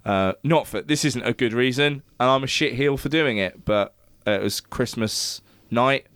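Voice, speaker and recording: A man's voice: medium pitch, normal speed, a bit bright, clean tone, no echo. A man, telling sweary, self-deprecating anecdotes in a casual chat.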